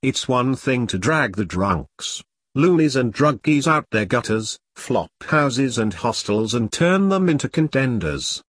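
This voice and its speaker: A man's voice: mid-range voice, very animated, measured pace, fairly bright tone, husky, no echo, clean studio sound, full character voice. A man voicing a pompous, furious leader of a secret order who barks insults. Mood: raging. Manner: ranting, barking insults.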